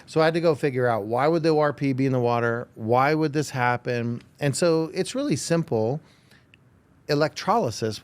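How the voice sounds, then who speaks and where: A man telling an animated story. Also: medium pitch. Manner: animated, acts out quoted dialogue; explanatory, technical. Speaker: podcast guest. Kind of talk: casual storytelling interview.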